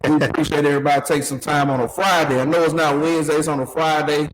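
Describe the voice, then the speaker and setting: A man's voice: a little high, fairly even intonation, rough recording. A man hosting a live show, upbeat and welcoming. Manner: upbeat, welcoming, quick-talking. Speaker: host.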